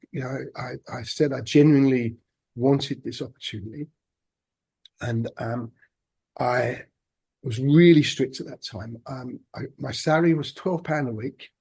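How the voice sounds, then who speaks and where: A man, a podcast guest telling his own story in a halting, reflective way. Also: mid-range voice, a little mellow, breathy edge. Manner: halting, reflective, many restarts. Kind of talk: personal storytelling interview.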